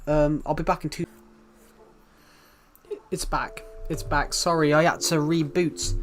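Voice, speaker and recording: A man's voice: on the high side, level tone, measured pace, slight background noise. A man chatting casually on a live stream, greeting viewers and rambling as he reacts to the chat in front of a desktop mic.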